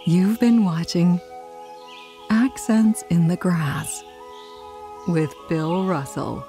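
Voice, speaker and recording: A man who is a voice actor and host, giving slow, deliberate show intro and outro announcements. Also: high voice, dark tone, faint music behind.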